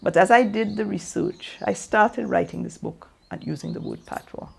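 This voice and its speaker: Husky, gravelly author; reflective interview talk. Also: medium pitch, moderate pace. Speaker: author and researcher.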